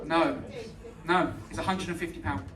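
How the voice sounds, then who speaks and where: A man's voice: fairly high pitch, fairly even intonation, moderate pace, distant mic. A man hosting a comedy night, teasing the audience with cheeky banter and bringing on the next act. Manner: cheeky crowd banter, introduces acts. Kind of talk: stand-up compering. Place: small comedy club. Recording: echoey club room, mic heard from afar, loud crowd. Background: audience laughing.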